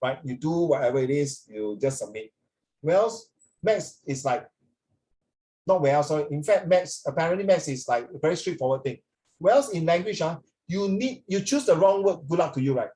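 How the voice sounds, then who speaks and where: A man's voice: a little high, expressive, moderate pace, warm tone, rough recording. A man with a Singaporean accent teaching a class in a chatty, casual way, switching between English and Mandarin and checking that students agree with him.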